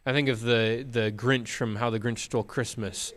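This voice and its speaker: A man preaching a sermon, retelling a story with dramatic pauses and questions to the congregation. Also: medium pitch, fairly even intonation.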